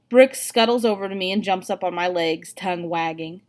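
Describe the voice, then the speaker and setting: A woman reading a novel aloud, with an expressive, even delivery. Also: on the low side, normal speed. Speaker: reader.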